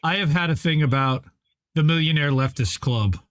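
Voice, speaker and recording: A man's voice: on the high side, moderate pace, clear, resonant tone, dry recording, clean studio sound. Candid, opinionated man co-host. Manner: candid, opinionated, repeats words when starting. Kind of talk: casual chat.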